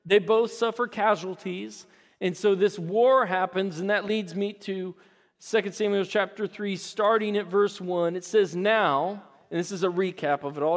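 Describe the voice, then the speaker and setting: A man's voice: high-pitched, steady tone, unhurried, long reverb tail. A middle-aged man, a pastor, chatting through a family story with laughs before moving into prayer and scripture. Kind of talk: sermon with personal story.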